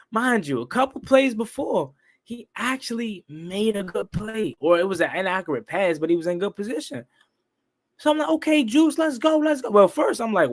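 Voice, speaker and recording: A young man hosting a live-stream football recap, excitable and repetitive, ranting and questioning the calls. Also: a little high. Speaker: sports talk host.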